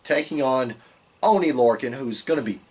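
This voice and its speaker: Husky-voiced man recapping wrestling casually. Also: medium pitch, normal speed. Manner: relaxed, filler-heavy recapping with quoted asides. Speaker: podcast co-host.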